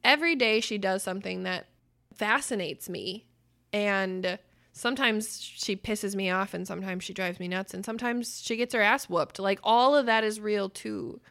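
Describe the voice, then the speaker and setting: A young adult woman co-hosting a casual podcast, telling stories with swearing and bursts of loud laughter. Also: mid-range voice, moderate pace, creaky. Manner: swearing, storytelling, laughs loudly. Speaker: podcast co-host. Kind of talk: casual chat.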